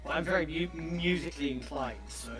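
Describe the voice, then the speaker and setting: Over background music, this southeast English man makes casual stream conversation in a precise, slightly pompous style. His voice runs on the high side, and he speaks briskly.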